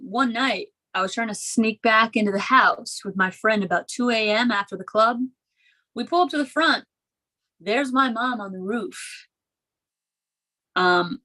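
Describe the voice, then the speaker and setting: A woman doing stand-up on a club stage, telling rambling personal stories into a handheld mic. Her voice sits at a middle pitch, and her delivery is loose and chatty, full of fillers. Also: fairly bright tone, low-quality recording. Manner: conversational storytelling with many fillers. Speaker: stand-up comedian. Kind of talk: stand-up comedy set.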